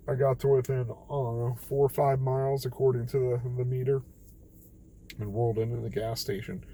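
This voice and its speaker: A man's voice: mid-range voice, mellow, rough recording. Tired man rambling through a story. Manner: rambling, self-deprecating, quoting others in voices. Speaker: vlogger. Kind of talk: casual late-night storytelling.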